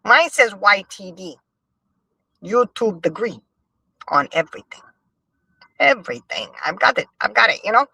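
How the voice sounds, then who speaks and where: A woman hosting a livestream, chatting in a sassy, animated gossip style and answering her chat. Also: mid-range voice, normal speed, creaky, pauses often, slightly rough, no room sound. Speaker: livestream host. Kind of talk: casual gossip commentary.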